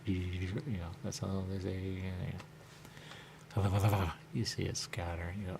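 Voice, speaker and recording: With a low, gravelly voice, a steady tone and a measured pace, a man runs a radio show amid background noise. He talks alone in a rambling, repetitive way, frequently returning to his catchphrase "there you go."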